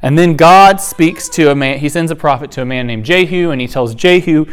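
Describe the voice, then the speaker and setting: A man's voice: a little high, fairly quick, few pauses, smooth. A man hosting a podcast who retells Bible stories in a casual, humorous, chatty way. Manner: humorous, chatty, acts out the characters' lines. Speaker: podcast host teaching the Bible.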